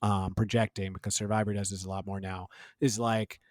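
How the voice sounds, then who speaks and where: A man co-hosting a podcast in casual chat, animated and rambling, laughing often as he talks. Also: on the low side, brisk, no room sound. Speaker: podcast co-host.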